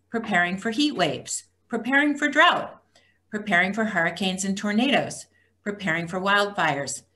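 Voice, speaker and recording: A woman's voice: medium pitch, bright, forceful tone. A woman hosting a casual book talk for a small group, reading blurbs aloud with wry asides.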